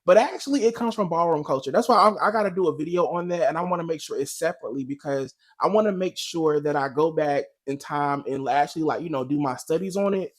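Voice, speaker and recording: A man's voice: on the high side, fast talker, few pauses. A man hosting a casual reaction video, talking in a chatty, slangy, emphatic way. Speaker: commentary video host.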